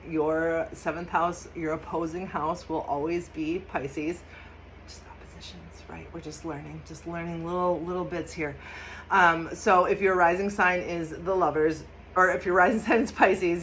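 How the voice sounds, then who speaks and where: With a fairly low-pitched voice, a woman runs a casual tarot and astrology reading, talking emphatically, laughing often, and bursting into loud mock shouts. Slight background noise sits under poor-quality audio.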